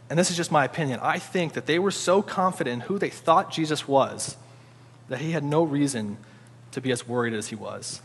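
A man giving a conversational sermon, informal and animated, often restarting his sentences. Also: medium pitch, slight background noise. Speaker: preacher. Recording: long hall reverb.

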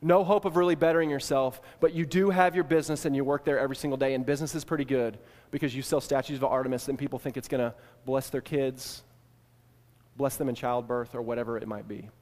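A man's voice: medium pitch, steady tone, fast talker. Preacher man in a reverberant hall. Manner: dramatic second-person retelling, swings from hushed to emphatic. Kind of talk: sermon storytelling.

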